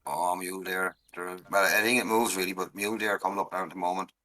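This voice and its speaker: A man's voice: low-pitched, fairly even intonation, fast, bright, forceful tone. A man chatting casually with his father during a game stream, rambling as he explains things at length. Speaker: streamer's son, fellow player. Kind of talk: casual chat.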